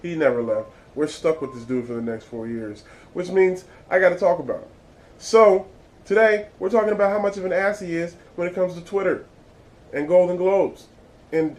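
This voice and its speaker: A man's voice: a little high, a little mellow, low-quality recording. A man hosting his own vlog, giving blunt, exasperated and profane commentary. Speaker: vlog host. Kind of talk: casual ranting commentary.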